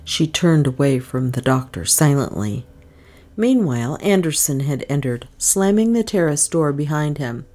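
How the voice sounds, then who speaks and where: A woman narrates a novel in a low, deep register. Her reading is measured, with a lively, rolling melody. She gives the characters light voices of their own. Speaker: audiobook narrator.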